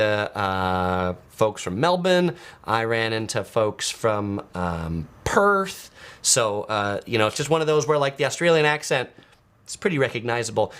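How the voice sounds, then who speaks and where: Speaking in a mid-range, somewhat bright voice, this man runs a casual live-stream chat as a travel vlogger. He stumbles through restarts and fillers while reading viewers' comments aloud.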